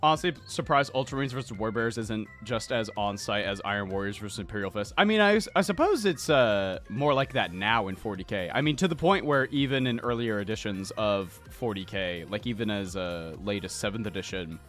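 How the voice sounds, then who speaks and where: A man co-hosting a casual podcast while painting miniatures. He talks in an animated way, swearing freely and telling stories quickly. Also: on the low side, faint music behind. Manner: animated, swearing, fast storytelling. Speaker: podcast co-host.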